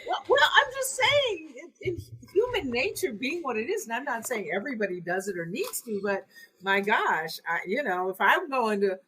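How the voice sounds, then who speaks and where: An American woman co-hosting a podcast, giving her opinions in an emphatic, animated, chatty way. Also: medium pitch. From United States. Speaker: podcast co-host. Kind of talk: casual conversational chat.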